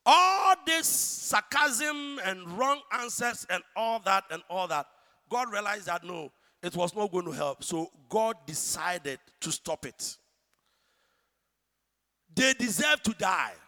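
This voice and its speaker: A man with a Ghanaian accent preaching a sermon, shouting one moment and hushed the next. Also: high-pitched, expressive, slow. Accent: Ghanaian English. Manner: dramatic, swings from shouting to hushed. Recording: church hall reverb.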